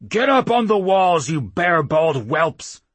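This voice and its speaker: A man voicing a bulky old half-orc warband chief who talks in short, gruff commands. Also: medium pitch, very animated, takes it slowly, a bit bright, no room sound, pitched above the performer's own voice, heavily acted. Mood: barking orders. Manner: barks orders, gruff and terse.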